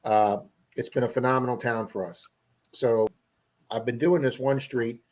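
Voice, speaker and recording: A man co-hosting a livestream, telling an animated story to his viewers in a casual chat. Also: medium pitch, normal speed. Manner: animated storyteller who acts out quoted people. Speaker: livestream co-host.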